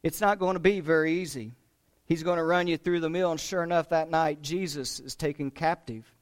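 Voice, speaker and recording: A man preaching a sermon, retelling a story with emphatic rises and hushed drops. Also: a little high, brisk. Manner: emphatic, dramatic retelling with rising and falling intensity.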